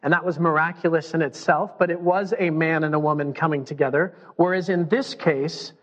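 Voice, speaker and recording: A male pastor preaching a sermon, animated and acting out the voices of the people he quotes. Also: fairly high pitch, a little fast. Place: church sanctuary. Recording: dull sound, long hall reverb.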